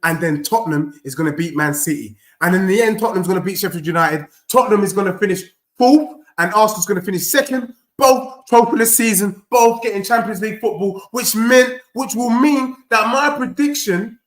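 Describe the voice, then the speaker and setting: Excitable man reacting to football. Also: high-pitched, a little fast, hardly any pauses, echoey room. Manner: excitable, shouting and whooping at the match. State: losing his voice. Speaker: football fan streamer. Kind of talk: live match watchalong reaction.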